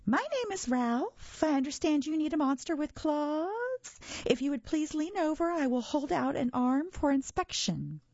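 A woman putting on a prim, high, silky-voiced gentleman monster for a storybook, with a gravelly grain. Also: big pitch swings, a little slow, no echo, dull audio, heavily acted. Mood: polite. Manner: prim and courteous. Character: high silky polite well-groomed male monster.

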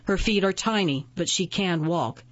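A woman's voice: lowish voice, normal speed, highs cut off, natural voice. A woman voicing an arrogant, scheming young nobleman who speaks in a haughty, commanding way, in a storybook reading.

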